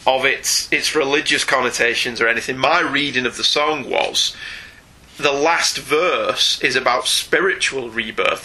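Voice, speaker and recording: A man's voice: medium pitch, pushed and bright, low-quality recording. A man co-hosting a comics podcast, chatting casually and rising eagerly when he makes a point. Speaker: podcast co-host. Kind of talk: casual chat about comics.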